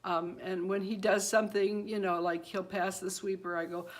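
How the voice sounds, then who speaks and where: With a mid-range voice, flat delivery, and moderate pace, a recently retired woman in her fifties chats casually to camera. This beauty vlogger rambles and laughs often.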